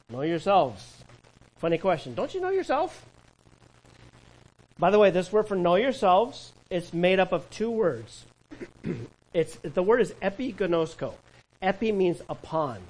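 Animated preaching man. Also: fairly high pitch, poor audio. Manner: animated, acts out quoted voices, asks the congregation questions. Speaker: pastor. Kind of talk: sermon.

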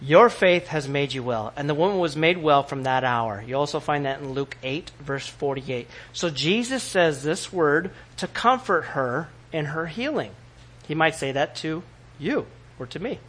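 Animated male pastor, sermon delivery, bright and slightly high-pitched, dramatic outbursts. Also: normal speed. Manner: animated, acts out biblical quotes with sudden shouts.

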